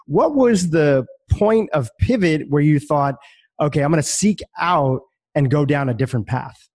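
A podcast host, a man with a somewhat high voice, lays out long winding questions in a measured way. He sets up each topic before he asks. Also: animated, a little mellow. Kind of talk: interview questions.

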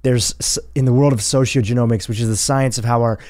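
A male podcast host talks in an earnest, reflective way, often using fillers like "you know". His voice sits at a middle pitch. The sound is dry and close on the mic. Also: steady tone, quick pace, darkish tone, no echo. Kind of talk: conversational interview.

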